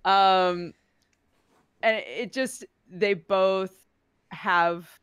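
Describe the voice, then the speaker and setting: A woman's voice: mid-range voice, fairly even intonation, extremely slow, a bit bright, smooth, dry recording. A woman co-hosting a podcast, chatting casually with many fillers and laughing asides. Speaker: podcast co-host. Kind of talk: casual chat.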